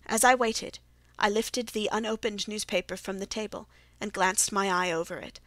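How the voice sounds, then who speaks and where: A woman narrating a classic detective story audiobook in a steady, even reading. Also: mid-range voice, moderate pace, no echo. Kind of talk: scripted narration.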